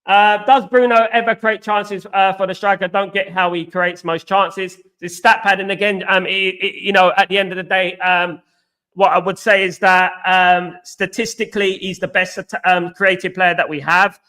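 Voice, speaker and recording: Chatty young man, bright voice. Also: high voice, level tone, normal speed. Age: young adult. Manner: chatty, repeats phrases, greets viewers by name. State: voice going hoarse. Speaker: host of a football live stream. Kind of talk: casual live-stream chat, reading viewer comments.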